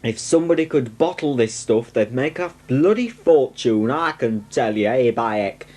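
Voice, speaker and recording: A man's voice: medium pitch, normal speed, a little mellow. A young man with a northern English accent, chatting and rambling cheerfully on a home video about his collection, self-mocking and full of asides. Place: at home, indoors. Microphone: camcorder microphone on a tripod. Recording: 1990s camcorder home video.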